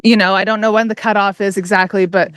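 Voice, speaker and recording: A woman's voice: medium pitch, steady tone, fast, fairly bright tone, clean tone, dry recording. A woman in her thirties from Canada doing live race commentary, enthusiastic and chatty, often laughing. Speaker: livestream commentator. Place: outdoor aid station.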